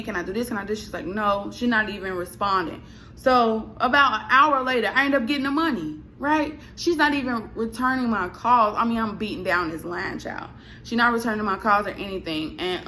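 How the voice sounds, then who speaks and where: A young woman telling stories in a casual vlog, sassy and animated, often calling the listener "child". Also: medium pitch, slight background noise, rough recording. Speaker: vlogger.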